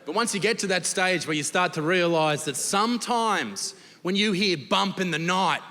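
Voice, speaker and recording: A young Australian man performing crude, profane stand-up comedy, telling stories and shouting the punchlines. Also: high-pitched, lively intonation, normal speed. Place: large theatre stage with audience laughter. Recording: live show with long hall reverb and background noise.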